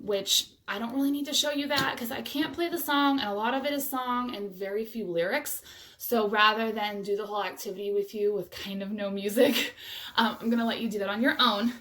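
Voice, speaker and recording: A woman's voice: on the high side, fairly bright tone. A woman teacher showing a movement game on video, cheerful and chanting rhythmic cues for toddlers. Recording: echoey room, voice from far off.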